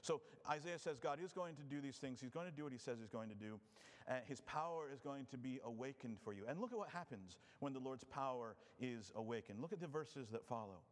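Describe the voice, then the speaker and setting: A man preaching a sermon as a pastor, expressive, moving between loud emphasis and quiet, low passages. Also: fairly quick, big-room sound.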